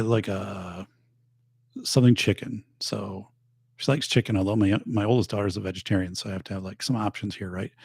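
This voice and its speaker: A man's voice: fairly low pitch, gravelly, a little mellow, husky, no echo. A middle-aged man hosting a podcast, chatting in a rambling way with many fillers, losing his voice and tired. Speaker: podcast host. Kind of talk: casual chat reading viewer comments. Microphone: studio microphone.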